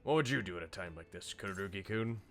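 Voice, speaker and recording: A man voicing a weary, reflective middle-aged male politician who speaks in a soft, measured and earnest way. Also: deep voice, lively intonation, soft background music, pitched below the performer's own voice.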